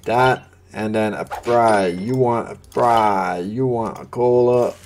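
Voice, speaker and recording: A man's voice: on the low side, slow pace, darkish tone, a little hiss or hum. Frantic, cursing gamer man. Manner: frantic, swearing under pressure, talks to customers. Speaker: gameplay streamer. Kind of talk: live gameplay commentary. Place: home gaming setup. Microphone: desk microphone.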